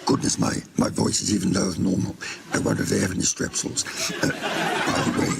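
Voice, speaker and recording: Cast: a man doing a grand old royal lady who pockets everything, her voice a gravelly rumble that swoops up and down, over loud street noise. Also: sing-song, fast, a loud crowd, full character voice. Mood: gushing. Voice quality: very low creaky voice. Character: posh older female royal, greedy and scatterbrained.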